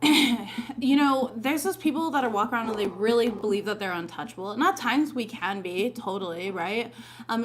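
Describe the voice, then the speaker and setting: A woman's voice: medium pitch, fairly bright tone, slight background noise. A woman giving a casual weekly tarot reading, chatty and informal, with many fillers. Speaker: tarot reader.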